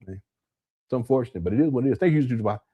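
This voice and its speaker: Lively rambling male streamer. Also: mid-range voice, racing, slightly rough, no room sound, narrow, tinny audio. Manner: loose and rambling, reading viewer messages aloud. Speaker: livestream host. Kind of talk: casual live-stream chat.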